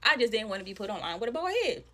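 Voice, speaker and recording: Very fast-talking woman telling a story. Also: medium pitch. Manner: animated storytelling, acting out voices in quotes; addresses viewers as y'all, slangy and profane. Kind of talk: casual storytime to camera.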